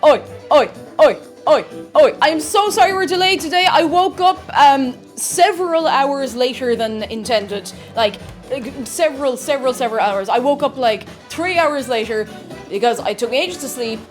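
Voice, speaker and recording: A woman streaming live, chatting casually and bubbly, loudly greeting her chat and chanting playfully. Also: high-pitched, moderate pace, faint music behind.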